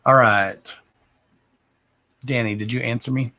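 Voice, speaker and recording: A man's voice: mid-range voice, fairly even intonation, a little slow, vocal fry, pushed and bright. A man, mumbling as he chats casually and profanely on a livestream as a card reader. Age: 30s. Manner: profane, rambling and self-deprecating.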